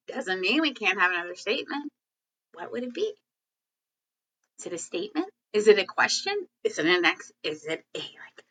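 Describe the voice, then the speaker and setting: Bright-voiced chatty woman teacher. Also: medium pitch, breathy edge, low-quality recording. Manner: chatty and animated, acting out example sentences. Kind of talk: classroom lesson video.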